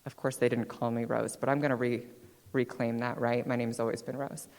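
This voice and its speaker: A woman's voice: rumbling low, brisk. Chatty young woman in a reverberant hall. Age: 20s. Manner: chatty, animated, often adds "right?". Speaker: guest speaker. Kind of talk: personal storytelling talk. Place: stage in a hall.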